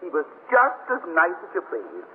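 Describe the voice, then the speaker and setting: A woman's voice: fairly low pitch, huge pitch swings, moderate pace. A blunt, no-nonsense married woman in a vintage radio drama, insistent and indignant. Her voice rises and falls with animation. The broadcast sounds tinny and narrow with a faint hiss. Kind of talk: 1950s radio drama acting.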